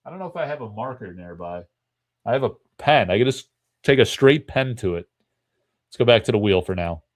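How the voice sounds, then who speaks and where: A man's voice: on the low side, expressive, brisk, no echo. Man, live card break host, casual rambling chat, laughs a lot, dry close sound. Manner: rambling and chatty, laughs often between remarks.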